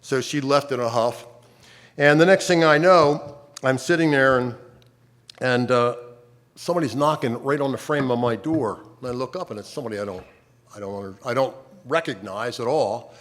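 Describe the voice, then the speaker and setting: An older man speaking into a stage mic at a conference, telling his own story. His voice sits at a middling pitch, and his delivery is conversational, with wry asides and frequent halting restarts. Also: fairly bright tone. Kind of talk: personal testimony talk.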